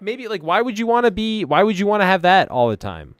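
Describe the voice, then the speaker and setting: A man chatting casually as host, rambling and swearing as he muses, drifting between mumbles and loud rants. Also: fairly high pitch, very animated, fast, dry recording. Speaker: streamer host. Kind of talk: casual stoned-sounding philosophical chat.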